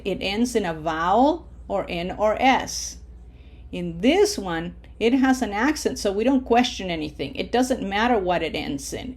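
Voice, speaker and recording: A woman gives a recorded lesson at an ordinary middle pitch for her sex. She explains each rule patiently and in small steps, checking in with a quick "okay?" along the way. When she gives the example words, she says them slowly and loudly so they stand out. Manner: patient, explains step by step, asks "okay?" often. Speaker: Spanish teacher.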